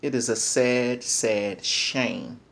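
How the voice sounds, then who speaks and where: A woman's voice: a bass voice, extremely slow, creaky. A middle-aged woman speaking in an emphatic, preachy monologue, repeating lines for effect and calling listeners "baby". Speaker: speaker sharing parenting views. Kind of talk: passionate monologue.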